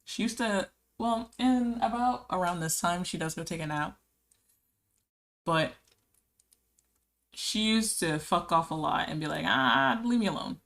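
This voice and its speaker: A woman's voice: on the low side, a little slow, long pauses. A young woman streaming live as an illustrator, chatting casually and rambling through answers to chat messages while she draws. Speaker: art streamer.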